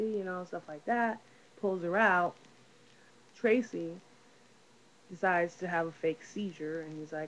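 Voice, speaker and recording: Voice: mid-range voice, steady tone, measured pace, pauses often, fairly bright tone, low-quality recording. A casual movie reviewer talking through a film's plot in a rambling, profane way, full of fillers.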